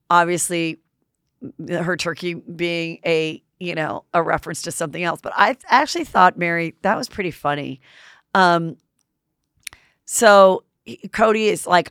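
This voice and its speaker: A woman's voice: medium pitch, normal speed, a bit bright, dry recording, clean studio sound. A woman hosting a casual gossip recap, chatty and blunt, with lots of fillers and freely swearing. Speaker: host.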